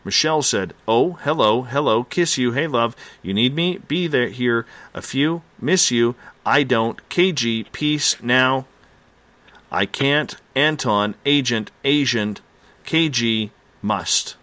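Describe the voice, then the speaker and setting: A male host reads out what listeners heard, slowly and steadily, in a mid-pitched voice. The studio sound is dry and close. He keeps an even, patient pace. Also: dry recording. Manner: reading out listener reports in a steady, unhurried way. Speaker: radio show host. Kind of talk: live talk radio.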